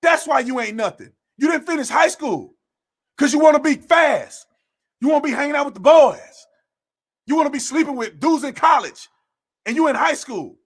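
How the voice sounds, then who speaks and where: A man with a fairly high voice scolds his listeners in a blunt, impassioned monologue. He hammers each point home with a preacher's cadence, repeating phrases. He sounds like a young adult. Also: lively intonation, normal speed. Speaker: commentator hosting his own show.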